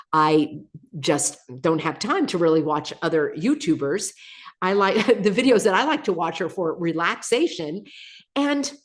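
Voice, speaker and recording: A woman hosting a live stream, chatting casually, laughing often and reading viewer comments aloud, slightly under the weather. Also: lowish voice. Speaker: channel host.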